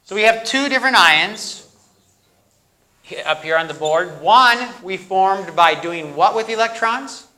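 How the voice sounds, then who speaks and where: Male lecturer, bright forward tone, slightly high; interactive classroom style, quizzing and joking. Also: animated, measured pace. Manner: questions the class and echoes their answers; jokey, plays up corny jokes. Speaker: university biochemistry lecturer. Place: lecture hall.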